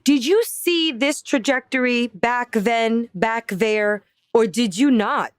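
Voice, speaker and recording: Woman, podcast host, high voice, animated, laughing, dry close sound. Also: slow pace, clean tone, dry recording. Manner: animated, laughing, bouncing between topics. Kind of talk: casual podcast chat.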